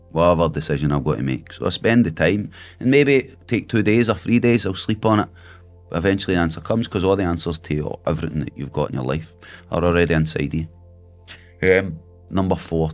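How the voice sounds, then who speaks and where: A man telling vivid, swearing anecdotes in a casual chat as a guest. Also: sits low.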